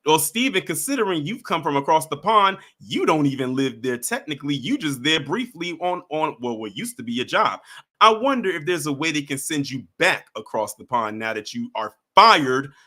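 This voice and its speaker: A man's voice: mid-range voice, sing-song, moderate pace, pushed and bright. A man reading a news story aloud and breaking off into emphatic, indignant commentary. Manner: emphatic, indignant asides between read passages. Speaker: commentary streamer.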